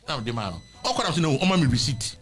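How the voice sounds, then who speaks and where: A man's voice: medium pitch, fast talker, soft background music. A man with a Ghanaian accent telling a story in casual chat, switching between Twi and English. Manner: animated, mixes Twi and English.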